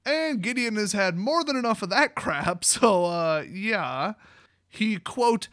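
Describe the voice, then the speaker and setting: A man's voice: high-pitched, lively intonation, slow, a bit bright, dry recording, clean studio sound. A man hosting a card game channel, giving a sarcastic, mocking recap of a fantasy storyline and laughing often.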